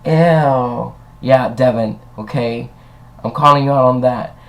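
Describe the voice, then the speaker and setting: A man's voice: mid-range voice, slow pace, fairly bright tone, poor audio. A young man talking casually to a webcam, rambling and swearing as he tells stories. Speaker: vlogger. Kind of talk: casual chat.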